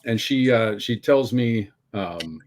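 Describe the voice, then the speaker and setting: Male co-host, lowish voice, deadpan comic storyteller. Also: a little hiss or hum. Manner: halting, absurd humor. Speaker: stream co-host.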